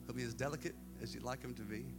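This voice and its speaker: A man's voice: medium pitch, steady tone, very fast, creaky, music in the background. A male pastor preaching to a live church congregation, telling a candid personal story with self-deprecating humor. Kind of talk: sermon.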